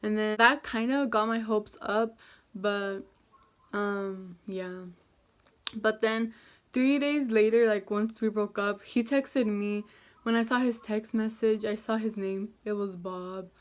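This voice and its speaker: A woman's voice: mid-range voice, steady tone, slow pace. A young woman talking to camera in a casual storytime vlog, chatty and self-deprecating, with lots of fillers. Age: young adult. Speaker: vlogger.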